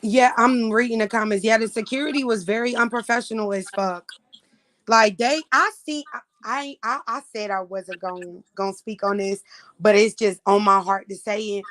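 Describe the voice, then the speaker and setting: A woman hosting a casual chat, telling an audition story in a profane, animated way. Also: medium pitch, moderate pace, dry recording. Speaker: vlog host recounting an audition.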